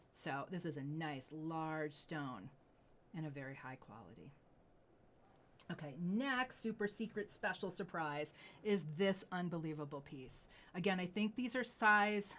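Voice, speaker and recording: Gushing, excitable woman jewelry seller. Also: sits low. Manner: gushing and excitable, gasps and drops to whispers. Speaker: jewelry seller hosting a live show. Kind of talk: live sales show.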